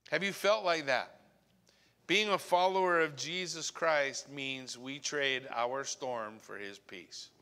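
A man preaching a sermon as pastor, earnest, often dropping to a hushed voice on key points. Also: fairly high pitch. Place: church sanctuary. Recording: long church reverb.

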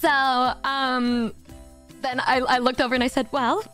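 A woman's voice: high voice, flat delivery, moderate pace, fairly bright tone, clean tone, soft background music. A woman in her twenties streaming, telling a story in casual chat, giggly and swearing freely, often stammering and repeating words. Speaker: vtuber streamer.

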